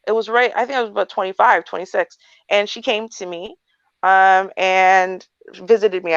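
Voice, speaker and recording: A woman's voice: lowish voice, fairly bright tone, clear, resonant tone, no room sound. Woman, 30s, livestream advice host; blunt, candid storyteller, dry lo-fi sound. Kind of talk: casual storytelling chat.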